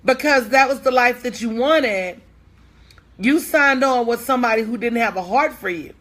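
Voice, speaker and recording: A woman's voice: on the high side, fairly bright tone. A woman business coach talking casually to her online audience, folksy and candid, calling out viewers by name.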